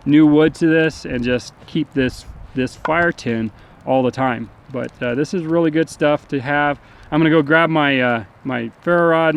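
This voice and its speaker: Man demonstrating outdoors with many fillers. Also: medium pitch. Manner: relaxed, halting, with many fillers and restarts. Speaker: survival instructor. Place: outdoors, windy. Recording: noisy outdoor recording. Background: wind and outdoor noise.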